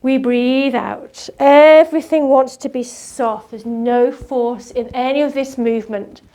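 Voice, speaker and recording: A woman leading a qigong movement class, giving soft, slow guiding instructions. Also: high voice, steady tone.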